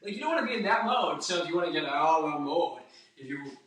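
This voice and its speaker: A man's voice: on the high side, lively intonation, fast talker, a bit bright, far from the mic, a little hiss or hum. A man in his twenties, a singer, giving casual vocal advice in a rambling way full of fillers. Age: 20s. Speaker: singer and vlogger. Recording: echoey room, voice off-mic.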